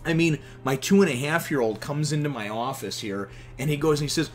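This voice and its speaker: A man in his thirties talks through a comic chapter in an animated, heartfelt way, cursing casually as he goes. His voice sits a little high for a man. He speaks from a home office. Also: fairly quick, hardly any pauses, faint music behind. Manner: animated, emotional, swears casually. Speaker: comic review host. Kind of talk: casual spoken review.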